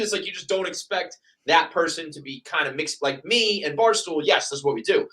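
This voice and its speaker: A man hosting a casual sports podcast, ranting with heavy profanity and lively quoted asides. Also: a little high, fast talker, hardly any pauses, poor audio. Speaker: podcast host.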